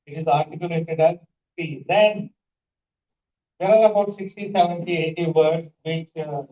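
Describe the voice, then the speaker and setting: A man lecturing a conference audience on pronunciation, acting out example sentences and putting questions to listeners. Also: fairly high pitch. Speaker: conference panelist teaching English. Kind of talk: classroom-style lecture with spoken examples. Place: large conference hall. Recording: echoey hall, distant dull mic.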